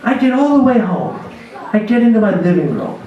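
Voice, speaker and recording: A man who teaches spirituality, telling a lively personal story to a church dinner gathering. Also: high voice, fairly quick, highs cut off, a loud crowd. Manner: animated storyteller, acts out his own voice in quotes. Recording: echoey hall recorded from far off.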